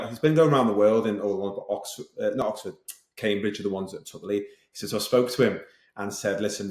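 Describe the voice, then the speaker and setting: A middle-aged man telling his story as a podcast guest, fast and lively, acting out other people's lines as he goes. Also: on the low side, roomy sound. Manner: fast, animated, tells stories with quoted voices. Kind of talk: casual interview storytelling.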